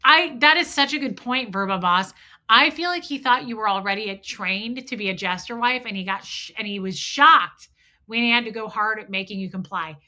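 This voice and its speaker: A woman hosts a livestream with a bright, forceful voice. She tells her story bluntly and with plenty of swearing. She acts out both sides of old arguments. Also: fairly high pitch, normal speed. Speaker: host.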